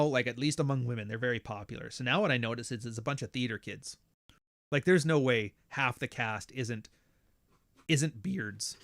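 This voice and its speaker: A man's voice: mid-range voice, no echo, clean studio sound. Blunt, profane Canadian man ranting. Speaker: podcast host. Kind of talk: casual podcast rant.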